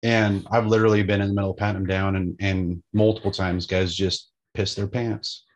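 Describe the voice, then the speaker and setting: A man's voice: low-pitched, level tone, normal speed. A man, a police officer, sharing stories from work in a dry, matter-of-fact way during casual chat.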